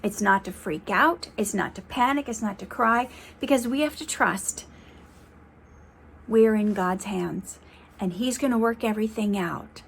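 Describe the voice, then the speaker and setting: A woman's voice: medium pitch, measured pace, creaky, slight background noise. A young woman speaking earnestly and encouragingly in a casual, faith-based motivational vlog, often restarting her sentences. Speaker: motivational vlogger.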